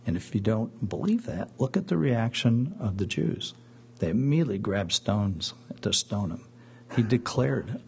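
Man, pastor, sermon, low pitch, gravelly, earnest, measured. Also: very animated, slight background noise. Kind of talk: sermon with scripture reading.

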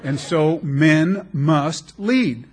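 A middle-aged man preaching a sermon as a pastor, animated and joking, with laughs along the way. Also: a little high, drawn-out words, a little hiss or hum.

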